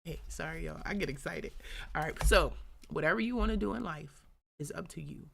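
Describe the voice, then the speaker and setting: A woman hosts a live business talk with casual motivational chat, sometimes reading aloud from a book. She is chatty and laughs often, with quick whispered asides. Her voice is low with a gravelly edge. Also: lively intonation, a bit bright, a little hiss or hum.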